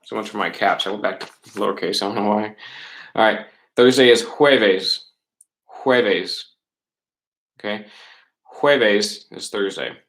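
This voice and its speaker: A man teaching a middle school class over a webcam, patient, repeating words slowly and checking in with "right?" and "okay?". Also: fairly low pitch, fairly bright tone, low-quality recording. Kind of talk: recorded online class lesson.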